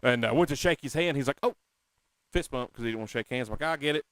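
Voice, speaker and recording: A man hosting a casual talk show, telling a story in an animated, excitable, self-mocking way. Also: mid-range voice, fast, no room sound. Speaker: podcast host.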